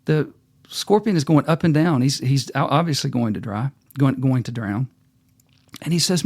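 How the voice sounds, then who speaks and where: A man with a gravelly voice tells a fable and turns it into a life lesson, plain-spoken and folksy. The sound is dry and close, with no room in it. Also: mid-range voice, moderate pace, darkish tone, dry recording. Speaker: host and speaker. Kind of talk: storytelling talk with sermon-like lessons.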